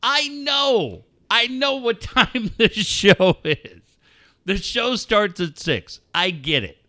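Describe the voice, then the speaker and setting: A man hosting a radio show, telling a story in loud, mocking, profanity-laced banter. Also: high-pitched, slow. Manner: loud, mocking, animated storyteller who swears a lot.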